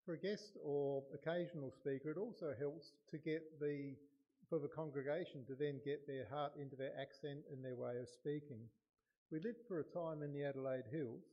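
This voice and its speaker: A man, a lay preacher beginning a sermon in a calm, measured, slightly halting way. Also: fairly high pitch, lo-fi sound.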